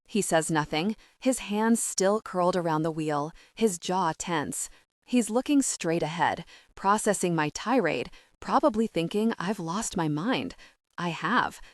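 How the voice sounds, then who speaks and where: Low-voiced woman narrating a romance audiobook. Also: no room sound, studio quality. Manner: emotional, intimate reading.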